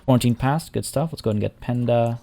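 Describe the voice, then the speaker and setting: A man casually commenting as he plays a zoo-building game, rambling and chatty, often restarting sentences and filling pauses. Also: mid-range voice, gravelly, dark tone. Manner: rambling, chatty, self-correcting with fillers. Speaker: let's play host.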